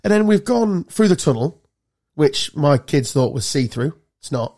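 A man from England co-hosting a podcast, telling animated, sweary travel stories in casual chat. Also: fairly high pitch, moderate pace. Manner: swearing storyteller, animated anecdotes. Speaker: podcast co-host.

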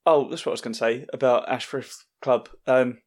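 A man hosting a podcast, chatting casually in a relaxed, hesitant way with many fillers. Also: mid-range voice, fairly quick. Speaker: podcast host. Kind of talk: casual chat.

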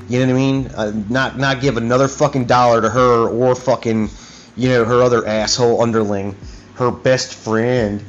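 A man's voice: medium pitch, moderate pace, a little hiss or hum. Profane man ranting as host. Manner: profane, heated and rambling, with many "you know what I mean"s. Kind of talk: profane rant on an internet talk show. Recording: dull lo-fi recording with faint music.

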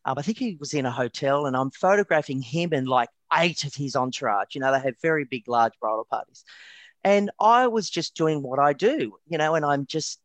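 An Australian man, a retired wedding photographer, telling lively stories in an interview with frequent repeated words. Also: a little high, brisk, no echo. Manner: animated, lively anecdotes with stammered repeats. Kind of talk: casual storytelling.

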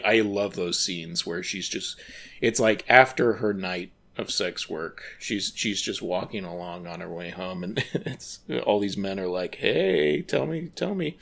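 Gravelly-voiced man chatting about film. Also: deep voice. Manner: rambling, animated when mimicking characters. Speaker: podcast co-host. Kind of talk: casual film discussion.

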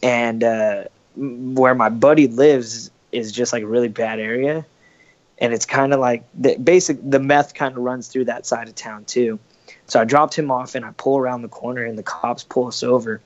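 Brief: cursing, rambling male storyteller, mid-pitched, dull lo-fi mic. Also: steady tone, moderate pace. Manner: profane, rambling, acts out quoted voices. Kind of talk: casual storytelling.

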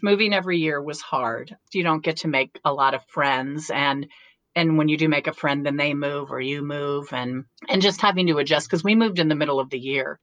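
Low-voiced middle-aged woman telling stories. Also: a bit bright, no room sound. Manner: chatty storyteller, laughs often. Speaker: actor, interview guest. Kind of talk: casual interview chat.

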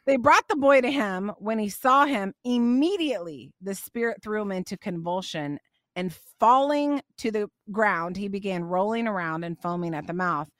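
A woman's voice: medium pitch, animated, moderate pace, dry recording, clean studio sound. A middle-aged woman hosting a faith podcast, answering questions and reading scripture in an emphatic, passionate way. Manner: emphatic and passionate, getting on a soapbox. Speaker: podcast host.

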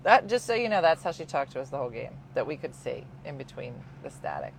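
Woman, casual chat host, animated storyteller, acts out quotes, lively rising and falling pitch, faint background noise. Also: fast talker, gravelly, few pauses.

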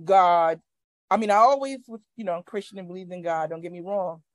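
A woman's voice: lowish voice, brisk, no echo. A middle-aged woman, a guest on a podcast, speaks earnestly about her faith over a video call, often restarting her sentences. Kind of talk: casual conversation.

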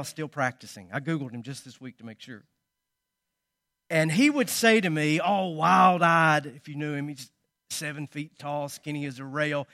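A man preaching a sermon, telling stories and swinging between loud emphasis and quiet asides. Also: a little high, dry recording, studio quality. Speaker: pastor.

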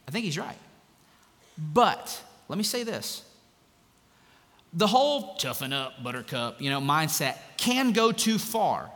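A man preaching a sermon as pastor, animated and conversational, with jokes and asides. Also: high voice, slow pace, long pauses, long reverb tail.

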